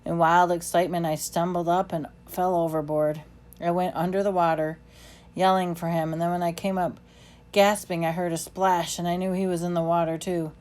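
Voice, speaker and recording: A woman's voice: fairly low pitch, moderate pace. Woman reading a novel aloud. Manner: plain, steady reading with small slips. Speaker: reader.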